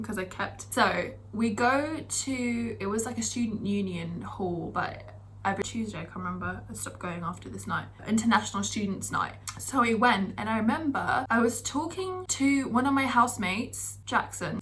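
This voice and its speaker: Young woman, from the UK, casual vlog storytelling, animated, lots of fillers, bright tone. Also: mid-range voice. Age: young adult. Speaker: vlogger.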